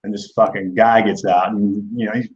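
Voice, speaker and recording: A man's voice: on the low side, steady tone, fairly quick, dull audio. A man in his forties, a former wrestler and guest, telling rambling, profane backstage stories in a casual chat and laughing along the way.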